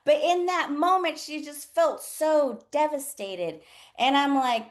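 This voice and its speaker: Animated profane woman coaching live. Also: sits high, takes it slowly. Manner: frank and profane, laughing often; animated, voices others in quotes. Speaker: nurse coach and live session host. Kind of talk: casual livestream coaching talk.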